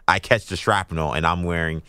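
A man on a sports talk radio show, poking fun at himself and tripping over restarts. His voice is very deep. The studio sound is close and dry. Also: steady tone, brisk, bright, forceful tone, clean tone, no echo. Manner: self-deprecating, stammering restarts.

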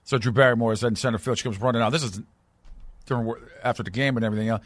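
Male sports radio co-host, casual storyteller, mid pitch, dry studio sound. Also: fairly even intonation, very fast, no room sound. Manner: rambling storyteller, playful banter. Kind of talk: casual chat.

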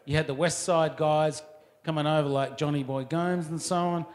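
A man looking back on his surfing years in relaxed, rambling casual talk with many fillers. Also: a little high, normal speed. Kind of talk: casual reminiscing.

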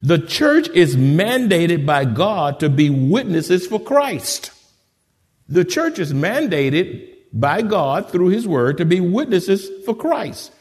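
A man's voice: high voice, big pitch swings, slow, darkish tone, in a large hall. A man preaching a fervent sermon as pastor and calling on the congregation for amens.

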